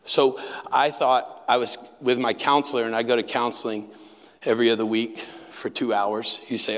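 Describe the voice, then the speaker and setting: A man's voice: lowish voice, fairly even intonation, moderate pace, fairly bright tone. Storytelling male pastor in a hall. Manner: conversational, storytelling, emphatic asides. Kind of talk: sermon. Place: retreat center meeting hall. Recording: long hall reverb.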